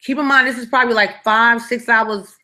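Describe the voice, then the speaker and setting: A woman hosting a live story-time stream, telling a personal story in an animated, blunt and profane way and often checking in with "right?". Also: fairly high pitch, a little fast. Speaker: storyteller, channel host.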